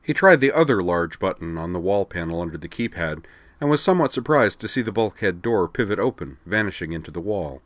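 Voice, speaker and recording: A man narrating a story aloud in a steady, measured way. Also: sits low, no room sound. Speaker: story reader. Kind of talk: audiobook narration.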